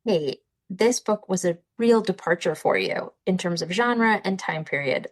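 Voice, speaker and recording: A woman editor hosting an interview, upbeat as she asks brisk questions. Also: on the low side, lively intonation. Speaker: editor and host.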